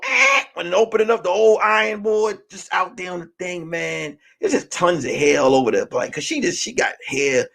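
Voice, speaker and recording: A man from Brooklyn telling a funny story in street slang, swinging between shouting and hushed near-whispers. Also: high voice, gravelly. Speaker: host. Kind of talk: comedic storytelling.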